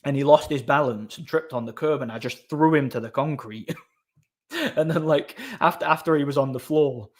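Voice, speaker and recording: A man's voice: a little high, normal speed. A man, casually telling a story as host of his own channel, repeating words and using many fillers.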